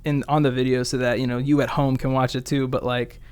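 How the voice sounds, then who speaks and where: A young man hosting a casual podcast chat, telling a story in an animated way and swearing freely. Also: medium pitch, fairly quick, clear, resonant tone, no echo. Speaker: podcast host.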